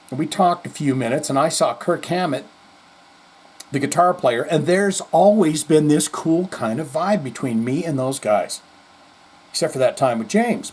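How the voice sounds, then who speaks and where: Husky, animated male rock-news host. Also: on the high side, poor audio. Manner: animated storytelling, rambling asides. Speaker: podcast host.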